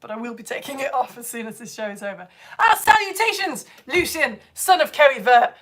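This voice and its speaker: Chatty, excitable woman streaming live. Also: sits high, fairly quick. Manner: chatty and excitable, bursts into laughter and squeals. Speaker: live show host reading viewer comments. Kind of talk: casual live-stream chat.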